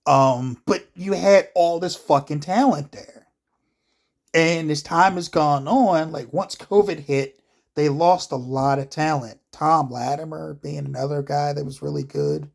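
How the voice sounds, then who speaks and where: A man's voice: fairly high pitch, unhurried, gravelly, a little mellow. A man talking to camera in a casual, profane rant, exasperated and rambling with lots of filler words. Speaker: wrestling commentary vlogger. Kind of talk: casual ranting commentary.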